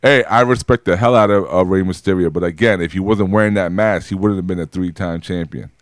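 A podcast co-host with a fairly low voice chats casually, a little fast, rambling, restarting sentences and repeating himself as he goes. The recording is dry and close, with no room sound around it.

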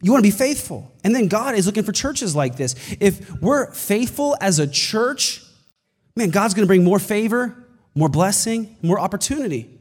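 High-voiced pastor preaching in a hall. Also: male voice, sing-song, moderate pace, slightly rough. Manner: emphatic preaching, building to shouts. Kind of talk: sermon.

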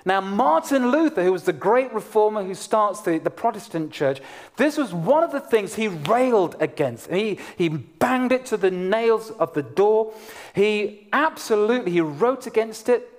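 High-voiced man preaching a sermon. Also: expressive, normal speed. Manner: emphatic preaching with rising and falling intensity. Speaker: pastor.

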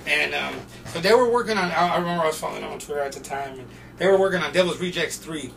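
A young man from Portland, a podcast guest, telling loose, profane stories in casual chat and shouting when he quotes people. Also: on the high side, rapid-fire, creaky. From Portland, Oregon. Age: young adult. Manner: loose, profane, animated storyteller who often shouts when quoting people. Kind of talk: casual storytelling. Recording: distant mic with faint noise.

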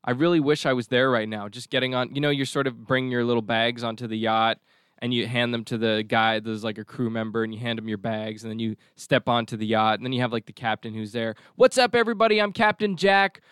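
A man's voice: medium pitch, flat delivery, fast, a bit bright, smooth, dry recording, studio quality. A man hosting a podcast, talking in a rambling, jokey, digressive way. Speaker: podcast host. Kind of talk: casual chat.

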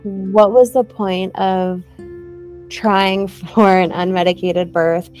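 A woman's voice: medium pitch, fairly even intonation, takes it slowly, a little mellow, soft background music. A young woman telling her own story in a casual, chatty way, full of "like" fillers and light laughs.

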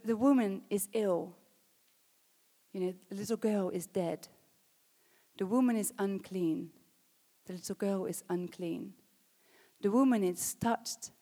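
A woman delivering a sermon, reading scripture aloud and pressing her points with rising, emphatic calls. Her voice sits mid-range and carries a long reverb from the hall around her. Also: medium pitch. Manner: builds to loud emphatic exhortations. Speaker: preacher.

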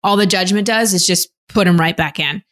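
A woman with an ordinary middle-pitched voice answers as a relationship coach on an interview show. She explains patiently and earnestly, in the steady manner of a teacher walking a listener through an idea. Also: fairly quick. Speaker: relationship coach, podcast guest.

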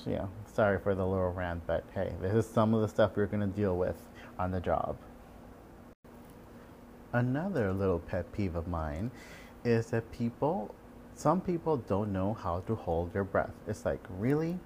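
Low-voiced man ranting candidly. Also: darkish tone, slight background noise. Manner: candid, swears freely, mimics patients. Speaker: ultrasound technologist. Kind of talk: casual ranting monologue.

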